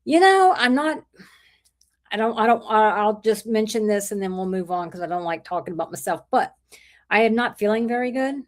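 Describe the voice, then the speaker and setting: A woman's voice: medium pitch, animated, fairly quick. Chatty woman with a sore throat. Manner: chatty, rambling, greets viewers by name. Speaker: livestream host. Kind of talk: casual chat reading viewer comments.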